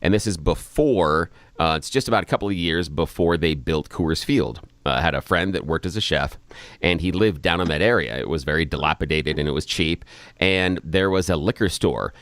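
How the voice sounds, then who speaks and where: A middle-aged man hosting a talk radio show, reminiscing in a relaxed, unhurried way. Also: sits low, dry recording. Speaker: radio host. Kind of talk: casual chat.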